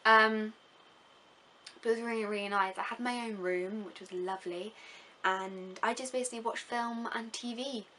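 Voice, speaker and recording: Chatty young woman with a bright voice. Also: medium pitch, slight background noise. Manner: chatty and rambling, with many fillers and gushing words. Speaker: vlogger. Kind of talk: casual travel vlog voice-over.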